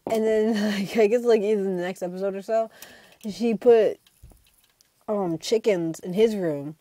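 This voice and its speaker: A teenage girl talks in a loose, rambling way about her day, with a soft and mellow tone. The sound is dry and close, as if caught by a home computer mic. She slips into quick, lively impressions of friends as she tells her stories. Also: mid-range voice, dry recording. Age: teens. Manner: chatty, rambling, quotes friends in animated voices. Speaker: vlogger. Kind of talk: casual rambling vlog.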